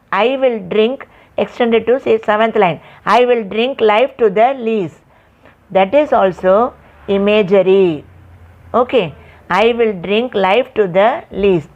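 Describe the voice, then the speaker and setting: Woman teacher, very slow explanatory delivery, spells out terms, dull lo-fi sound. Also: mid-range voice. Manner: addresses students directly, asks rhetorical questions. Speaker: English teacher. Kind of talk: recorded poetry lesson. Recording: dull lo-fi recording.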